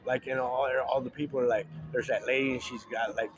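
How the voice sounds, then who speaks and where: A man riffs in a loose comedic monologue, rambling and joking with frequent restarts. His voice sits at an ordinary middle pitch. A clear bed of background noise runs under him. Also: fairly even intonation, fast.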